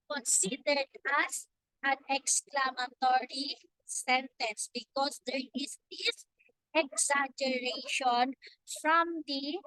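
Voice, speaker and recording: A young woman teaching a grammar lesson, talking slowly and patiently and repeating her questions to the students. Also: high voice, sharp tone, dry recording, rough recording.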